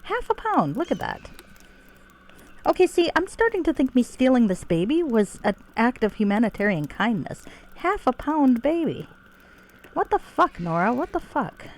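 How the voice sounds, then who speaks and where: A woman's voice: a little high, very animated, normal speed. A woman streamer casually chatting while playing, sweary and self-mocking, with faint game music behind her. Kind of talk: casual gameplay commentary.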